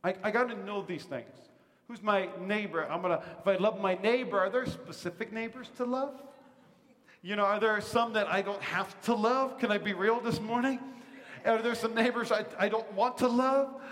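A man's voice: sits high, moderate pace, fairly bright tone, big-room sound. A man preaching a sermon at a church service, talking to the congregation in a conversational way and quizzing them with questions. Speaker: pastor.

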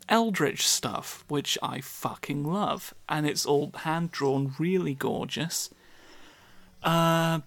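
A man's voice: mid-range voice, a bit bright, no room sound. A man, co-hosting a casual podcast chat, rambling and self-deprecating with the odd swear. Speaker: podcast co-host.

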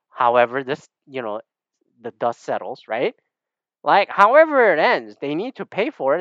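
Animated rambling man, lively pitch. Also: no echo, muffled recording. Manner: rambling, animated, swears freely. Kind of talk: casual opinion monologue.

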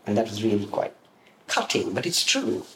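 A man answering interview questions, telling lively stories about his past and acting out the voices of the people in them. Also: lowish voice, normal speed. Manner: animated storyteller, acts out quoted voices. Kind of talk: reminiscing in an interview. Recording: roomy echo with faint room noise.

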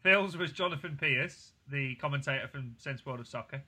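A man's voice: mid-range voice, moderate pace, very noisy. A man hosting a podcast in casual chat, laughing often and leading the segments. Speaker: podcast host.

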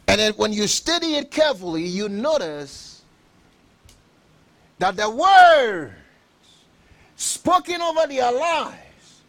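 Male preacher with a high voice and a lively, swinging pitch. Emphatic, repetitive, given to shouting. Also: slow pace, pauses often. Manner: emphatic preaching, repeats phrases, bursts into shouts. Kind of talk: sermon.

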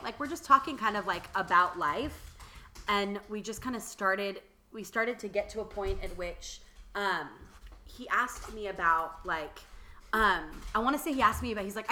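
A young woman with a bright, clear voice chats casually as a podcast co-host. She fills her speech with "like" and laughs easily as she tells her story. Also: mid-range voice, slight background noise. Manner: chatty, lots of "like" and laughter. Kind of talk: casual chat.

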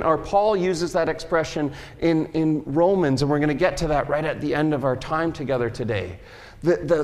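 Earnest man preaching in a big hall. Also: sits high. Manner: earnest, repeats himself, acts out shouted prayers. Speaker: pastor. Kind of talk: sermon. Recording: long hall reverb.

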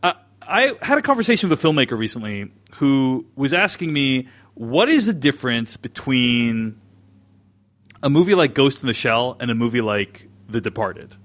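A man co-hosting a casual podcast discussion, with a voice of ordinary middle pitch. He works through his ideas slowly and thoughtfully, often stopping and restarting his sentences. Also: big pitch swings, fairly bright tone. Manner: thoughtful, hesitant with many restarts. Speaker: podcast co-host.

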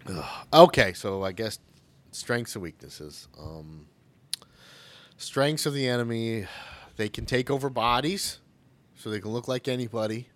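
A man's voice: mid-range voice, expressive, a little slow, pauses often, fairly bright tone, no room sound. A man co-hosting a podcast, chatting casually, sarcastic and profane, often laughing. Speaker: podcast co-host. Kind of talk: casual chat.

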